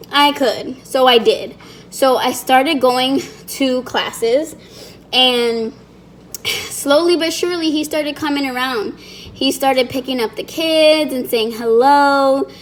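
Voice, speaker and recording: A woman's voice: on the high side, a little hiss or hum. Chatty young woman telling a story. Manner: chatty, acts out quoted lines. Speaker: vlogger. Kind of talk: storytime vlog.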